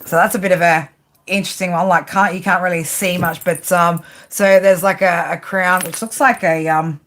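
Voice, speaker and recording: Low-voiced, chatty tarot reader. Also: female voice, steady tone, normal speed, a bit bright. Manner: chatty and rambling, swears casually. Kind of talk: casual livestream card reading. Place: home, at a table under a lamp.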